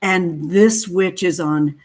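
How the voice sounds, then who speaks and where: A woman's voice: fairly low pitch, takes it slowly. A woman in her thirties from California hosting a tarot livestream, greeting viewers with gushing affection and calling them honey and sweetie. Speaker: tarot reader hosting a live stream.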